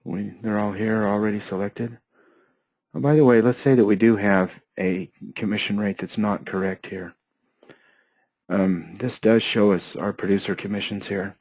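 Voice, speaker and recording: A hoarse man with a lowish voice guides learners through an accounting program, one methodical step at a time. He keeps clearing his throat as he goes. The sound is dry and close, with no room around it. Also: moderate pace, no echo, low-quality recording. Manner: steady, methodical step-by-step explaining. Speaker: software trainer. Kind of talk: screen-share software tutorial.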